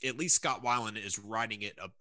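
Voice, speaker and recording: A man co-hosting a podcast, telling stories about songs in a relaxed way with many fillers. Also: lowish voice, fairly quick, no echo, clean studio sound. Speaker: podcast co-host. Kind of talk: casual chat about songs.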